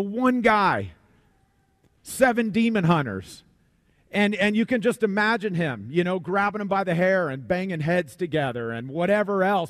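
A man's voice: high voice, dry recording, studio quality. A man preaching a sermon in a conversational, folksy way, often repeating words as he explains a Bible passage. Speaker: pastor.

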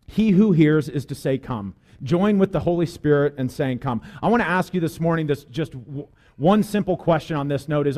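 A man's voice: on the high side, dark tone. A man preaching a sermon as pastor, putting earnest, direct questions to his congregation.

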